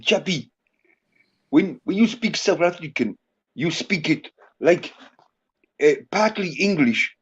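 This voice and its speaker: A man joining a casual livestream chat, explaining things in halting, rambling bursts. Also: on the high side, animated, breathy edge. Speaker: livestream guest. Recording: muffled lo-fi line.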